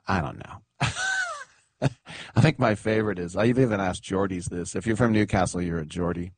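Brief: low-voiced male radio host, loose chatty rambling, dry close studio sound. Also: dry recording. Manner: rambling, chatty, muses aloud with fillers. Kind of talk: casual sports radio chat.

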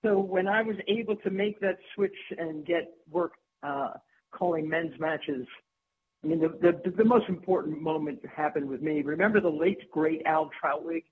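A woman tennis broadcaster telling lively stories as an interview guest, laughing often and restarting her sentences. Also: sits low, normal speed. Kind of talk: anecdotal interview storytelling. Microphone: phone. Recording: tinny phone line with faint hum.

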